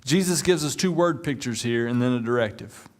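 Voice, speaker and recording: A man's voice: mid-range voice, brisk. Guy in his 30s preaching, chatty and jokey, says y'all a lot. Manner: conversational, joking, uses y'all. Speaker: pastor. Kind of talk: sermon.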